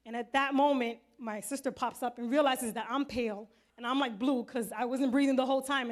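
Woman in her 30s sharing a testimony at church, high voice, earnest storyteller who acts out the voices. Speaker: church member giving testimony. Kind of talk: spoken testimony to a congregation.

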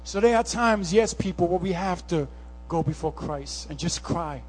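A man preaching a sermon, swinging from impassioned, near-shouted calls to hushed, conversational storytelling. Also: sits high, animated, moderate pace, husky. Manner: impassioned, rising to near-shouts, then softening to a hush; casual, conversational storytelling with slang.

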